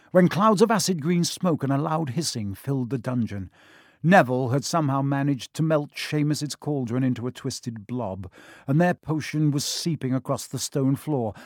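A man's voice: medium pitch, darkish tone, dry recording. Man narrating a storybook, dry sound. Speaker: audiobook narrator. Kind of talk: scripted narration.

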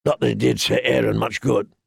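A man reading aloud puts on a grim, scornful soldier with a low, gravelly growl for this audiobook. Every line is rough and curt. The sound is close and dry. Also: fairly even intonation, fairly quick, dry recording.

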